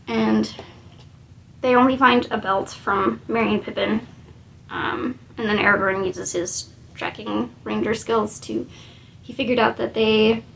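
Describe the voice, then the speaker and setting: A woman's voice: on the high side, gravelly, slight background noise. A woman casually retelling a story in a rambling, chatty way.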